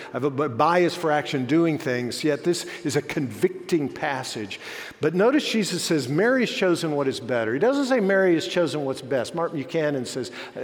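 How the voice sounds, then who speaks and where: A man preaches in an easy, conversational way. He pokes fun at himself between points, and his mid-pitched voice rings out in a large, reverberant hall. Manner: conversational, self-deprecating, joking. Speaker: pastor. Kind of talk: sermon.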